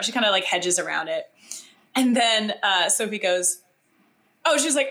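A woman's voice: medium pitch, normal speed. A young woman co-hosting a podcast, chatting casually and animatedly as she recaps a TV episode. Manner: chatty, animated, lots of fillers. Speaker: podcast co-host.

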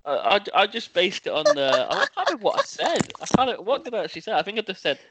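A man's voice: high voice, huge pitch swings, fast talker, background noise. A man co-hosting a casual podcast, chatty and jokey in his banter. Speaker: podcast co-host. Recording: dry, close sound.

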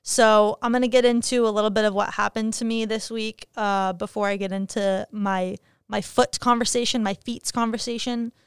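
A woman's voice: mid-range voice, fairly even intonation, normal speed, few pauses, clear, resonant tone, no room sound, studio quality. Blunt, profane young woman podcaster. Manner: frank, profane, jokey storytelling. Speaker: podcast host. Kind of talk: casual solo podcast chat.

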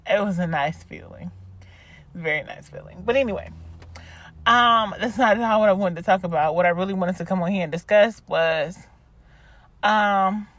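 A woman talks through her week like a diary entry, loose, chatty and quick to laugh. Her voice sits at an ordinary middle pitch for a woman, and her asides spill out in a friendly, playful flow. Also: fairly bright tone, dry recording. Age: 30s. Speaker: podcast host. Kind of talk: casual voice-diary monologue.

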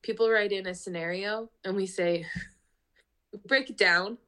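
A chatty woman co-hosting a podcast, her voice sitting at an ordinary middle pitch. She talks in loose, casual chat and scatters "like" through her sentences. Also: fairly even intonation, unhurried, a bit bright, clean tone. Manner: chatty, lots of fillers and 'like'. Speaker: podcast co-host.

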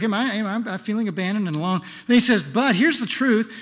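A man preaching a sermon in church, animated and conversational, often asking his listeners questions. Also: high voice, fairly quick. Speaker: pastor.

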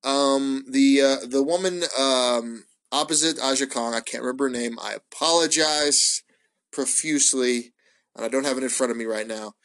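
A man hosting his own show, rambling casually and excitably, swearing often and stumbling through fillers. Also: medium pitch, normal speed. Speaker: wrestling podcast host. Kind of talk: casual solo ramble review.

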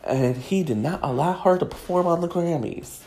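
A woman from Kentucky with a Kentucky Southern accent, hosting a crude, sassy comedic gossip monologue with drawn-out emphasis. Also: lowish voice, animated, warm tone, a little hiss or hum. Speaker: celebrity gossip host.

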